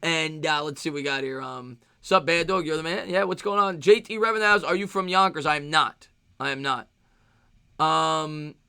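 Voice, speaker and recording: A man's voice: a little high, moderate pace, sharp tone, clear, resonant tone, no room sound, clean studio sound. A man with a New York accent hosting a casual live-stream Q&A, reading viewer questions and answering with lots of fillers and repeated phrases. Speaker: sports stream host.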